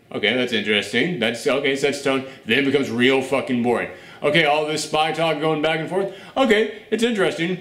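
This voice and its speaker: A man's voice: a little high, a little fast, fairly bright tone. A man hosting a casual film review chat, blunt and sarcastic, swearing freely as he picks the movie apart. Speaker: film review show host. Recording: roomy echo.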